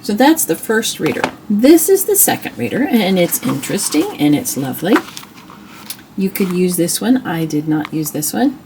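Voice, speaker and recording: This middle-aged homeschool channel host speaks at a normal speed in a fairly low voice that swings widely in pitch, with noise behind her. Chatting casually, she admires the old reading books she holds up, often restarting and going off on asides in this show-and-tell review.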